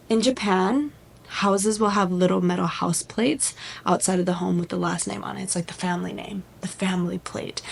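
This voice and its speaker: A woman's voice: mid-range voice, vocal fry, rough recording. Rambling woman vlogger retelling a story. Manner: rambling, lots of "like", animated. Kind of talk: casual plot retelling.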